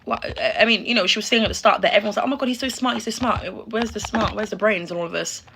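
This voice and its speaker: A woman's voice: mid-range voice, quick pace, vocal fry, bright, forceful tone, slight background noise. A young woman doing casual reaction commentary, sassy and exclaiming, talking straight to her viewers. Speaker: YouTuber reacting to a video.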